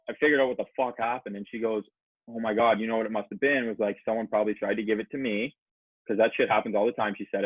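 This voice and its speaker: A man's voice: on the low side, dry recording. A man telling a long, profane story in casual podcast chat, full of quoted back-and-forth and filler words. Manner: profane, rambling anecdote with acted-out quotes. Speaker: podcast guest. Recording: dry, phone-like narrow sound.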